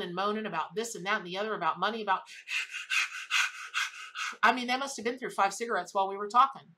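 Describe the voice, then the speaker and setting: A woman's voice: medium pitch, pushed and bright. A woman tarot reader telling a story in a casual reading, emphatic and full of repetition.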